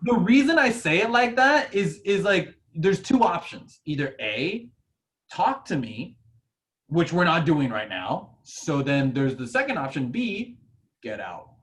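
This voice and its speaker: A young man hosts a relaxed podcast conversation. His voice sits slightly high for a man. He rambles through anecdotes, quoting himself with a laugh in his voice. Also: a little slow. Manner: rambling storytelling with laughs and acted-out quotes. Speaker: podcast host. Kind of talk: casual podcast chat.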